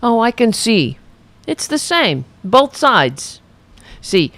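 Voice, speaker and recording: A woman's voice: a little high, sing-song, slow pace, fairly bright tone, no room sound. A woman hosting her own political commentary show, delivering a mocking, blunt rant.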